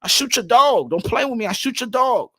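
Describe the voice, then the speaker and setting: A man telling casual stories on a boxing podcast, animated and profane, laughing often. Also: very high voice, brisk, breathy edge. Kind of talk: casual storytelling chat.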